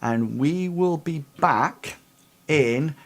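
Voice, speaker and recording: A man's voice: a little high, drawn-out words. A man narrating as game master of a streamed tabletop game, rambling with many fillers and restarts.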